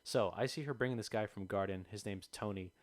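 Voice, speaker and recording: A man's voice: fairly low pitch, brisk, dry recording. A young man chatting casually on a podcast, telling a story and acting out the customers in it. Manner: animated storytelling, acts out customers. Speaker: podcast co-host. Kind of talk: casual chat. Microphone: close podcast mic.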